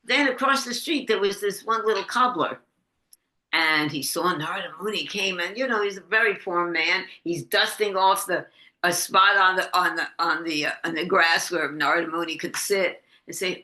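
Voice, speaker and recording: A woman leading a devotional class over a video call, telling a story with many restarts and lively quoted voices. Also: lowish voice. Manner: halting, restarts often, animated when quoting. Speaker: class leader. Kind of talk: casual storytelling in an online class. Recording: echoey video call audio.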